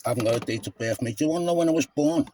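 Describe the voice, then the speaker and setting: Bloke in his 50s lecturing a cop at the roadside, darkish mellow voice, keeps saying mate. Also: medium pitch, very fast, slight background noise. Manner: combative, lecturing, repeats "mate". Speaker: stopped motorist. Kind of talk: heated roadside argument. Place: roadside, by a car.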